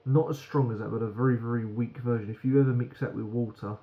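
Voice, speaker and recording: A man's voice: medium pitch, steady tone, fast talker, lo-fi sound. A British man giving a frank, rambling beer review that swears casually.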